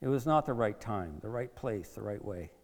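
A man's voice: lowish voice, animated, normal speed, darkish tone, big-room sound. A male preacher retelling a Bible story in the first person, in a theatrical but conversational way.

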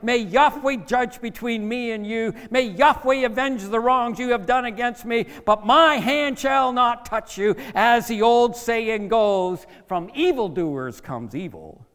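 A man voicing a young warrior who pleads with a king and then defies him, speaking in a loud, impassioned declamation. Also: medium pitch, long reverb tail.

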